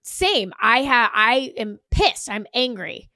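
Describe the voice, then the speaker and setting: A woman's voice: fairly high pitch, slow, gravelly, no echo, studio quality. A woman co-hosting a podcast, chatting casually and telling stories with swearing and laughter. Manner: animated, swearing, laughing storyteller. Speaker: podcast co-host. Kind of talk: casual chat.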